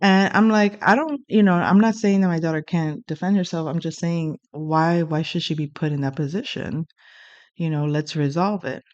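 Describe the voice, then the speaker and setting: A middle-aged woman tells a personal story in a casual monologue, blunt and profane, acting out the exchanges in an animated retelling. Her voice is deep and her pace moderate, captured in a dry recording with the highs cut off.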